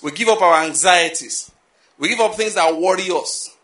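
A man preaches in a voice pitched slightly above the usual and cutting bright. He repeats key lines and throws questions at the congregation. The sound bounces around a roomy, echoing hall. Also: moderate pace. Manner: animated, repetitive preaching with rhetorical questions. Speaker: pastor. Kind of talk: sermon.

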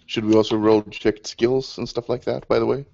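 A man's voice: mid-range voice, little pitch movement, moderate pace, creaky, mellow. A man playing in an online tabletop game, casually asking rules questions, heard over dull lo-fi voice chat. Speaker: player.

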